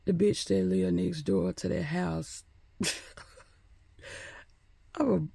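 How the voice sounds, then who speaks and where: Gravelly, sassy man vlogging. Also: high voice, slow pace, long pauses, darkish tone, dry recording. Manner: sassy, profane, chatty. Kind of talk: casual vlog chat. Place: store at night.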